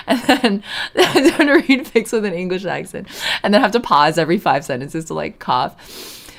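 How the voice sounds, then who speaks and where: A woman streaming live with a hoarse, half-lost voice, rambling casually to her chat and laughing often. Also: on the low side, expressive, moderate pace.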